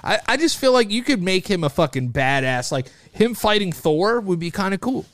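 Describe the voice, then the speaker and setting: A man's voice: high-pitched, sing-song, normal speed, a bit bright, dry recording, clean studio sound. A man from New York co-hosting a podcast, trading jokey, profane banter in casual chat. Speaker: podcast co-host.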